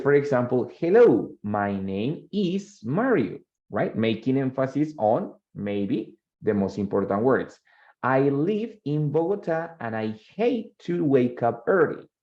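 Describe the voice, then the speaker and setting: A man, his voice gravelly and dark. He talks patiently, explains in both languages and keeps checking in with his students. The sound is dull and lo-fi, like an online call. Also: medium pitch. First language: Spanish. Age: 30s. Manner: patient, repeats phrases and checks in with "ready?". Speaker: English teacher. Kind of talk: online English class, mixing Spanish explanations.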